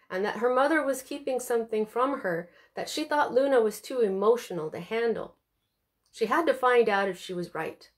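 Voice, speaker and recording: A woman reading her own novel aloud, telling it expressively with suspense. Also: mid-range voice. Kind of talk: audiobook reading.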